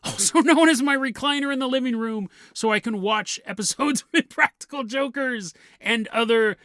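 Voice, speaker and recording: A man's voice: very high voice, moderate pace, bright, forceful tone, no echo, clean studio sound. A man hosting a podcast, telling a comedic story and laughing through his lines. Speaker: podcast host.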